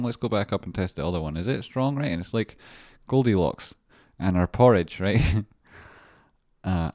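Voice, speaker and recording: A man with a low voice runs a trading livestream, chatting loosely over his charts. He swears freely and keeps breaking off to greet viewers. The sound is close and dry, with no room around it. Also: expressive, normal speed, a little mellow, dry recording. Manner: rambling, profane, chatty asides to viewers. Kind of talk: casual live-stream chart commentary.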